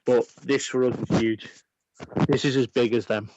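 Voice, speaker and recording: A man's voice: mid-range voice, fairly even intonation, moderate pace, darkish tone, no echo, muffled recording. A man co-hosting a sports radio show, earnestly arguing his point with many stammering restarts. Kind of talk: casual sports chat. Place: radio studio.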